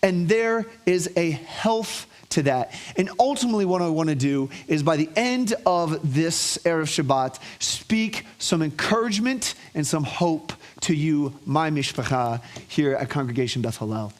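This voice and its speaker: A man preaching to his congregation, telling stories with animation and calling for responses from the room. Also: on the high side. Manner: animated storytelling with call-and-response. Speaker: pastor. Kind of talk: sermon.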